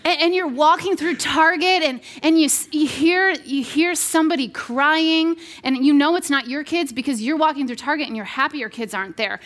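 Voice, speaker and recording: High-pitched woman in her 30s giving a chatty devotional talk to moms, earnest, lots of restarts and jokey asides. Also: moderate pace, hardly any pauses, a bit bright. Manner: earnest and conversational, with many restarts and playful asides. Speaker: speaker addressing mothers. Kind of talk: sermon-style devotional talk.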